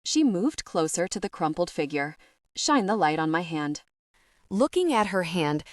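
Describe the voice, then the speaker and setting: Audiobook narrator, woman, steady storytelling, lower voice, dry close studio sound. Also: dry recording. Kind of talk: scripted narration.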